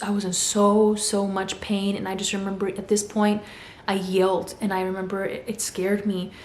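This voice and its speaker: A young adult woman telling a story in a casual way and acting out the voices she quotes. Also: medium pitch. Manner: animated, acts out quoted voices. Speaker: vlogger. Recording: echoey room with faint hum.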